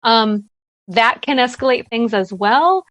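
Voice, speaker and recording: Lady answering questions on a video call, kinda high, dry sound, says "right?" a lot. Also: lively intonation, takes it slowly, a bit bright, dry recording. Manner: earnest, conversational, frequent "like" and "right?". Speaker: workshop presenter. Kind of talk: virtual summit Q&A, advice.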